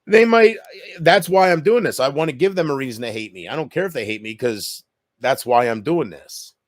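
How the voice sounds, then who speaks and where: A man vlogging a bitter, taunting rant straight to camera, swinging from loud outbursts to low mutters. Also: expressive, a little fast, no echo, studio quality. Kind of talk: ranting monologue to camera.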